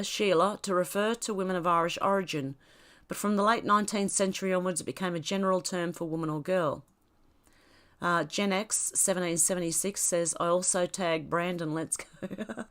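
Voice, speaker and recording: A rambling, chatty Australian woman talks her viewers through their comments on a livestream. Her voice sits fairly low and sounds a little congested because she has a cold. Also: a bit bright. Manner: chatty, rambling, laughs often. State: stuffed-up nose from a cold. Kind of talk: casual livestream chat.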